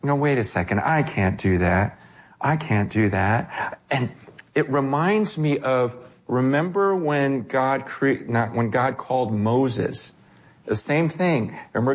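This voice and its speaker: A man preaching a sermon in a conversational, animated way, acting out the voices he quotes. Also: mid-range voice. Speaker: pastor.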